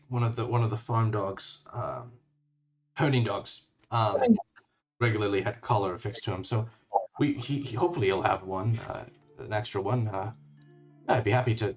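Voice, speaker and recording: Man doing a hurt shopkeeper in a tabletop game, stammering and winded, fairly low voice, soft music underneath. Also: normal speed, natural voice. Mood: halting. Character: wounded weak young male shopkeeper.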